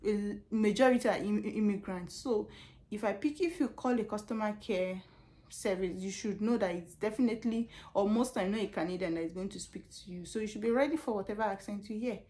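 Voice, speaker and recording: A young Nigerian woman with a Nigerian accent, who works in customer service, chats casually in a vlog about her job. Her mid-range voice runs a little fast as she tells animated stories, laughing and repeating herself a lot.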